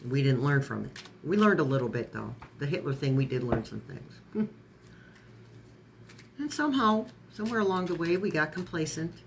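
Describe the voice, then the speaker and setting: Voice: mid-range voice, very animated, normal speed, creaky, a little hiss or hum. A tarot reader in a casual online reading who strings card keywords together, stumbles and corrects words, and adds sarcastic asides.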